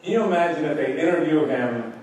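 A man's voice: on the high side, lively intonation, fairly quick, darkish tone, slight background noise. A male pastor giving an evening sermon, teaching in a conversational way with rhetorical questions and acting out quotes. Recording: echoey room from a distant mic.

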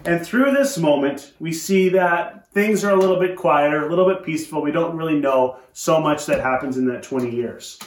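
A male pastor preaching a sermon, retelling a story in an animated way with joking asides. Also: on the high side, moderate pace, hardly any pauses, reverberant. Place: church.

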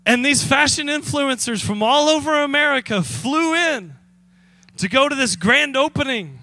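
A man's voice: very high voice, animated, normal speed, pushed and bright, no room sound. A man preaching a sermon as pastor, telling a story with chuckles and asides to the congregation.

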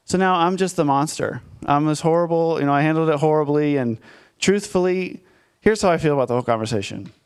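Male pastor in his thirties, conversational sermon; candid, self-mocking storyteller with a smooth, clear voice pitched a bit high. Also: quick pace, hardly any pauses. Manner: candid, self-deprecating storytelling with frequent fillers.

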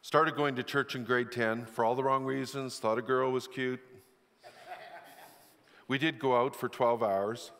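A man's voice: mid-range voice, steady tone, unhurried, pauses often, a bit bright. Middle-aged man preaching in an echoing hall. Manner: candid, self-deprecating storytelling. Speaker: pastor. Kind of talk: sermon. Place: church sanctuary.

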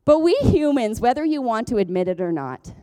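A woman's voice: a little high, very animated, fairly quick, dark tone. A woman pastor giving a conversational sermon, chatty and self-deprecating, joking as she goes. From Ontario, Canada. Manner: chatty, self-deprecating, jokes and laughs often.

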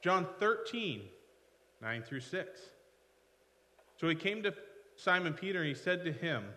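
Bright-voiced male pastor preaching in a hall. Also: fairly high pitch, expressive, measured pace, pauses often. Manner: conversational, digressive, self-deprecating asides. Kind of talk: sermon.

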